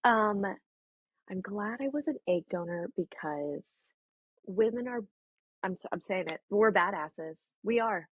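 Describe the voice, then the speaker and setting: A woman in her thirties, a guest on a podcast, telling her story in an animated, chatty way with frequent laughs and quoted dialogue. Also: medium pitch, measured pace, breathy edge, no echo, lo-fi sound. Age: 30s. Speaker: guest, egg donor. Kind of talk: casual storytelling in a podcast interview.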